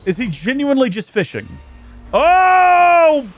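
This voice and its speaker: A man's voice: very high voice, huge pitch swings, slow pace, soft background music. A man hosting a let's play, giving chatty, joking gameplay commentary with self-mocking asides.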